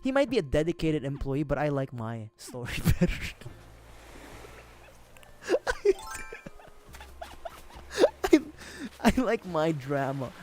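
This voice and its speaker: A man's voice: a little high, darkish tone, a little hiss or hum. A man streaming a video game, chatting casually and rambling, joking, swearing freely and laughing at himself. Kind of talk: casual gaming livestream chat.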